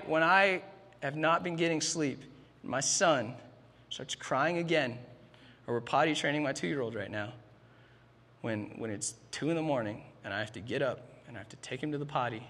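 A man's voice: a little high, bright, forceful tone, breathy edge, in a large hall. A man in his thirties preaching a sermon, emphatic, often starting lines with "man" and restarting phrases. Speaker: pastor.

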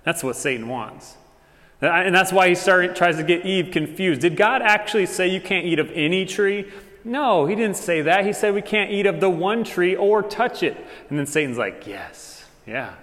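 With a voice slightly high for a man, a pastor preaches casually and conversationally, dropping in lots of filler words and brief asides. A long echo from the church hall hangs over the sound.

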